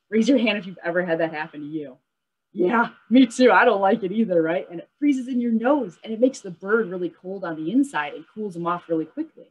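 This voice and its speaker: A woman's voice: lowish voice, slightly rough, dull audio. A young woman teaching children about nature in an online lesson, upbeat and full of questions to the kids. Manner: upbeat, asks kids questions, says "right?" often. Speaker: nature educator. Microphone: video call.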